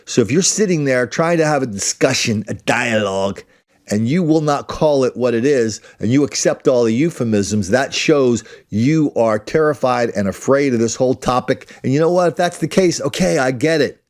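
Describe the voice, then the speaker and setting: A man's voice: mid-range voice, animated, normal speed, a little mellow. A man hosting his own podcast in a blunt, combative solo monologue, rambling with many restarts and asides. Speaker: podcast host.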